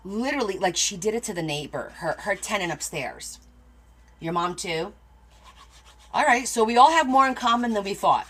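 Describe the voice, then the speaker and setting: A woman's voice: medium pitch, lively intonation, moderate pace, fairly bright tone. A middle-aged woman hosting a crafting livestream, chatting casually with viewers and answering their comments as she tells stories. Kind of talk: casual chat with live viewers.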